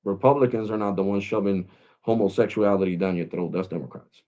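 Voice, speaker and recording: A man's voice: sits low, steady tone, brisk, warm tone, highs cut off. A man vlogging, ranting to his viewers in a blunt, mocking way. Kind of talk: opinion rant to camera.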